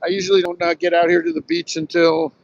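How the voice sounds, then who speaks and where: Rambling man in his sixties, higher voice. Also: very animated, quick pace, creaky, lo-fi sound. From Southern New Jersey. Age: 60s. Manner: rambling, storytelling, swears casually. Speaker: live streamer, retired Marine pilot. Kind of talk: rambling casual live-stream chat. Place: outdoors on a beach, walking. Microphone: phone held while walking.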